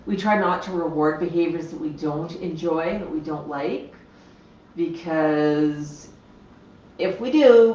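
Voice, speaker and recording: Slow-talking woman in an echoey room. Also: on the low side, mellow, a little hiss or hum. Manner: chatty, explains bird behavior while talking to her parrots. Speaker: livestream host with pet parrots. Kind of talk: casual livestream chat. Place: home room with parrots. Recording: echoey, slightly dull lo-fi sound.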